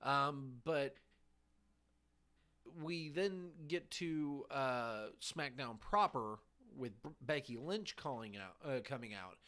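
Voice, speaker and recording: Slow, halting male podcast host. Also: mid-range voice, lively intonation, fairly bright tone. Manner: halting, pausing between short phrases. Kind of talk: casual recap of a televised show.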